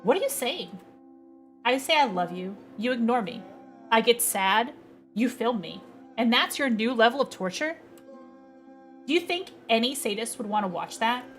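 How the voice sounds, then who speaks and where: A woman's voice: on the high side, expressive, normal speed, pauses often, faint music behind, natural voice. A woman reading a game's dialogue aloud, voicing a disillusioned young man who speaks bluntly and scornfully.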